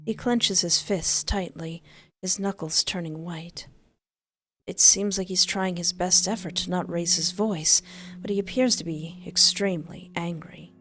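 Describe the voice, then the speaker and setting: A woman reading a visual novel aloud in first person, expressive, with exasperated asides. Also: fairly low pitch, moderate pace, soft background music. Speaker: game player narrating.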